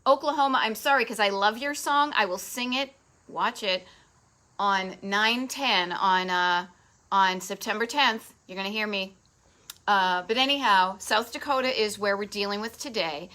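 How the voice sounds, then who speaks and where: A middle-aged woman from Massachusetts with a Boston accent, hosting a live travel show in a bubbly, chatty way with quick asides to viewers. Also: medium pitch, pushed and bright, rough recording. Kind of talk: casual live-stream chat.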